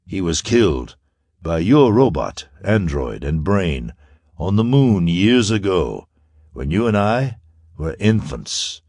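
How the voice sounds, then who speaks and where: A man voicing a suave, gloating half-Martian villain who speaks with soft, ironical menace in an audiobook. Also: sits low, very animated, slow, no room sound, clean studio sound, heavily acted. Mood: quietly menacing.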